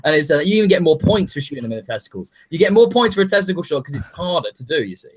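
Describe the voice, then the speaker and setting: Swearing, excitable man gushing about games. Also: on the high side, very fast, husky. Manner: enthusiastic, swears freely, animated. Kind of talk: casual chat.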